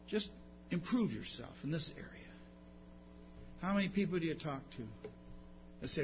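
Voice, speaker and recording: High-voiced preacher with a dull hum. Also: male voice, lively intonation, normal speed. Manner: swings between quiet explanation and loud emphatic preaching. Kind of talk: sermon. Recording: dull lo-fi sound with faint hum.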